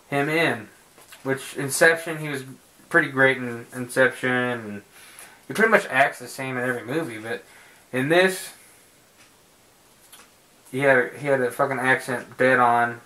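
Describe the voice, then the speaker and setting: A man giving a casual home video review of a film, rambling and jokey, swearing often and filling pauses with "uh" and "um". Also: medium pitch, bright, forceful tone. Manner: rambling, profane and jokey, with frequent fillers. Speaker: movie reviewer.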